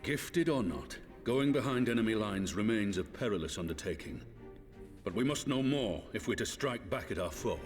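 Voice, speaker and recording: Man playing a game commander, low voice, expressive rise and fall, formal, authoritative. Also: moderate pace, faint music behind, natural voice. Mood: commanding. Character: authoritative male commander giving a briefing. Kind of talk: game cutscene voice acting.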